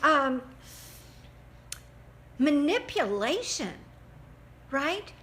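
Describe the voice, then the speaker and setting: A woman teaching a church parenting class, lively and expressive, often laughing and acting out the people she quotes. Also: sits high, very slow. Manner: animated, acts out quotes in voices, laughs often. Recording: echoey room with faint ambience.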